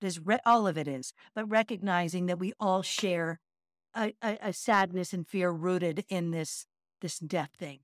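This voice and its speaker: Teaching a chanted breathing practice on the podcast she co-hosts, this middle-aged yoga teacher talks casually and earnestly and laughs at herself. Her voice is on the low side at a normal speed, recorded dry with clean studio sound.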